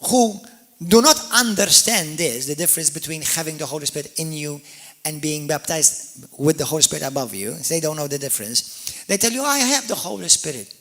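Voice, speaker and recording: A man preaches a sermon in a somewhat high, bright and forceful voice. He moves between quiet, quick explanation and loud, drawn-out calls, scattering hallelujahs and amens throughout. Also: animated. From Malta. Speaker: pastor.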